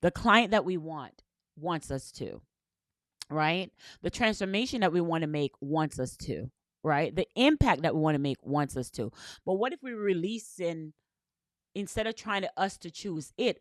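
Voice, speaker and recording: Earnest woman coach, low dry voice. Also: very animated, normal speed, no room sound. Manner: earnest, repetitive storytelling with frequent "right?"; uses faith and spiritual language. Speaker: business coach. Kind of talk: motivational talk.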